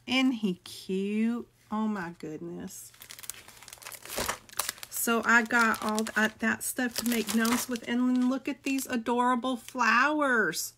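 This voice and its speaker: Slow, chatty woman. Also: a little high, sharp tone, a little hiss or hum. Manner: chatty, gushing, talks to viewers by name. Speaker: crafting video host. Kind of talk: casual chat showing a craft haul.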